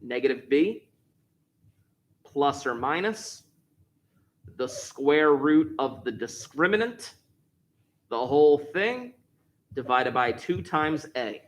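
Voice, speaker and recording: A man's voice: a little high, expressive, slow, pauses often. A male math teacher walking a class through a problem step by step, repeating key points and stressing words for emphasis. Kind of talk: classroom lesson.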